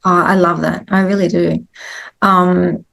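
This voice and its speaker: A woman's voice: fairly low pitch, level tone, measured pace, gravelly, a bit bright. A woman hosting an interview, affirming and effusive, murmuring agreement often. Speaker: interview host. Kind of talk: casual interview chat.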